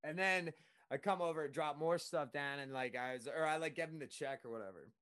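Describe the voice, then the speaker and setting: A young man in his twenties, a restaurant server, telling a story in casual chat, swinging up high when he quotes people. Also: brisk, clear, resonant tone, no echo. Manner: animated, jumps to high pitch when quoting.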